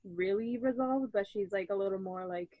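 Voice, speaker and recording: A woman's voice: medium pitch, normal speed, no room sound, narrow, tinny audio. A woman in a casual book club chat who talks hesitantly, full of "like" and trailing thoughts. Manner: hesitant, many "like" fillers.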